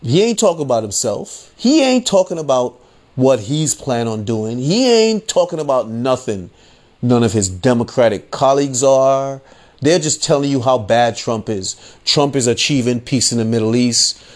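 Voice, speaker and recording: A man's voice: mid-range voice, animated, moderate pace. Guy ranting on his podcast, cussing a lot, keeps saying you know what i mean, laughs at his own points. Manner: profane, repetitive, frequent "you know what I'm saying". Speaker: podcast host. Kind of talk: casual political rant.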